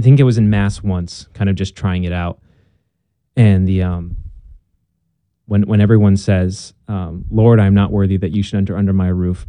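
A man's voice: sits low, dark tone, no echo. A young man telling his conversion story in a casual interview, earnest and chatty with plenty of fillers and restarts.

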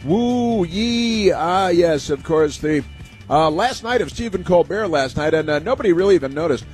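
A man's voice: on the high side, lively intonation, moderate pace, music in the background. A man hosting a political talk radio show, rambling through long monologues full of "uh" fillers and sarcastic asides. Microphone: studio microphone.

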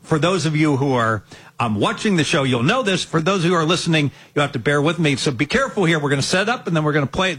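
A man talking sports betting picks on a show, excitable and given to shouted catchphrases. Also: a little high, fast, husky. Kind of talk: animated betting talk show banter.

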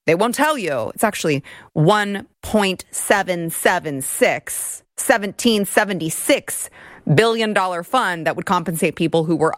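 A woman's voice: lowish voice, dry recording, studio quality. A woman hosting a political talk radio show, speaking in a sarcastic, opinionated way. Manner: sarcastic, animated, mocking voices.

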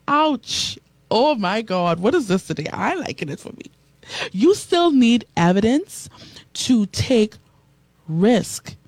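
A woman preaching to a live and radio audience, repeating lines call-and-response style, reading out viewer comments and swinging from hushed asides to high exclamations. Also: big pitch swings, slow, dry recording.

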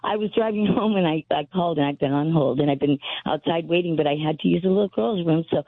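A woman's voice: low-pitched, fast, no echo. A woman in her fifties calling a radio show. She is out of breath and rambles, often restarting her sentences. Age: 50s. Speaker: caller. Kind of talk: call-in radio chat. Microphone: phone. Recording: tinny dry phone line.

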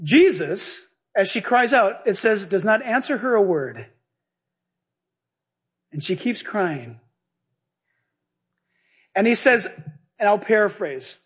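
High-voiced, husky preacher. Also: male voice, takes it slowly, pauses often. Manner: animated, storytelling. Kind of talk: sermon.

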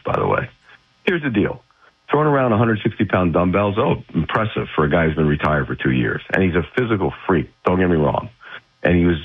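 Blunt man on a husky phone line. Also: low voice. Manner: blunt, opinionated, emphatic. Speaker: guest football analyst. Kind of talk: sports radio talk.

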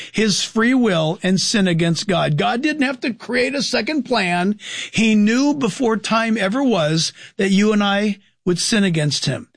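A man's voice: sits high, gravelly, no room sound, studio quality. A man giving an emphatic preaching commentary, asking rhetorical questions and sometimes laughing sarcastically at quotes. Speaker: Christian commentator.

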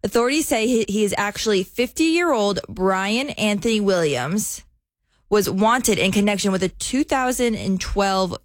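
A woman's voice: medium pitch, animated, normal speed, dry recording. Brief: woman radio co-host, chatty, giggly, dry close mic. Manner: giggly, self-deprecating. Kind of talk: morning radio banter and news story.

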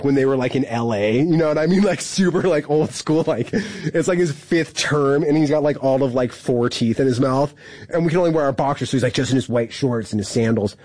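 Rambling young man with a husky voice. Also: medium pitch, darkish tone, no room sound. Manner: rambling, heavy use of "like", laughs through story. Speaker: incarcerated storyteller. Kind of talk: casual storytelling.

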